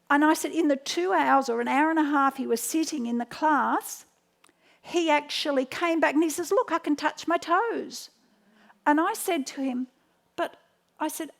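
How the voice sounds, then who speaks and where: This health educator, a middle-aged woman with a high-pitched voice and vocal fry, passes along home remedies through conversational anecdotes. She storytells with animated quotes and keeps restarting her thoughts.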